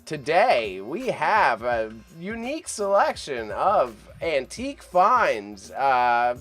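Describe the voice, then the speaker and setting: A man's voice: a little high, very animated, slow, fairly bright tone, soft background music, exaggerated voice. A man putting on the voice of an upbeat male TV news anchor, with a punchy announcer inflection. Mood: showy.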